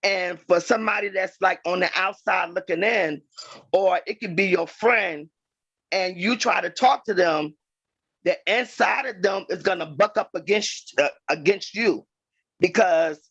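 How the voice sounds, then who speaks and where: A man, a church elder, speaking frankly in a group discussion on a video call, clearing his throat often. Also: sits high, unhurried, a bit bright, no room sound, muffled recording.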